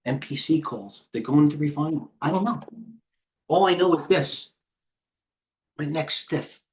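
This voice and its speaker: A man's voice: a little high, measured pace. A middle-aged man hosting a live trading stream, tired, rambling off the cuff as he jumps between stock tickers. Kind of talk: live market commentary.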